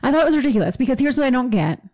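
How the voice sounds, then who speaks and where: Casual podcast co-host, woman, chatty and animated, laughs through her stories. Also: sits high, rapid-fire. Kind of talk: casual chat.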